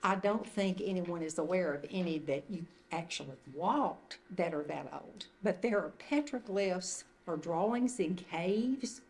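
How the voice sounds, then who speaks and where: A woman's voice: lowish voice, measured pace, hardly any pauses. Older woman leading a retreat talk. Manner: conversational, loosely phrased, gentle. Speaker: retreat leader. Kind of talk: informal teaching talk. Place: indoor meeting room.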